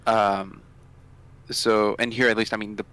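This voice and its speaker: Lower-voiced dude on a film podcast, kinda rambly, hunts for words mid sentence. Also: male voice, little pitch movement, a little slow, pushed and bright, clear, resonant tone. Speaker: podcast co-host. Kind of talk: casual podcast chat.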